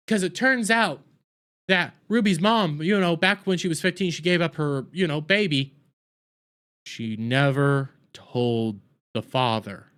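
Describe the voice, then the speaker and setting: An exasperated man rants through a TV episode review, his fairly high voice jumping from loud outbursts down to low mutters. He sounds fed up and keeps hammering his complaints. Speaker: TV review host. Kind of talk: ranting TV review.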